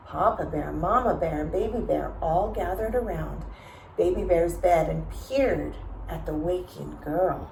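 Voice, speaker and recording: A woman reading a children's story aloud, slow and expressive, pausing to ask the listeners questions. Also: fairly low pitch, gravelly, a little hiss or hum. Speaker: storytime reader. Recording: echoey room.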